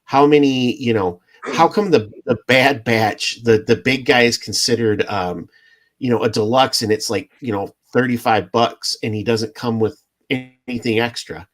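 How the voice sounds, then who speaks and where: A man's voice: mid-range voice, moderate pace. Earnest, hesitant man in casual chat.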